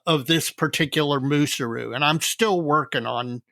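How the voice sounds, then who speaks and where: Easygoing guy cohosting a podcast, kinda high bright voice, dry sound. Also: moderate pace, creaky, no room sound. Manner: easygoing, laughs often. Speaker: podcast co-host. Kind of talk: casual chat.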